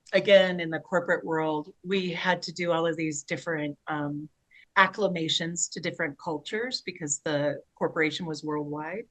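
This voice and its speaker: A woman co-hosting a podcast, telling long rambling stories in casual conversation with animated asides. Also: low-pitched, rough recording. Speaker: podcast co-host.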